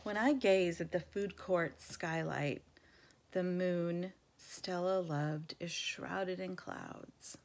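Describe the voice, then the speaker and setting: A woman reading a children's novel aloud in a measured, gentle storytelling manner. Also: lowish voice, a little hiss or hum. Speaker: reader.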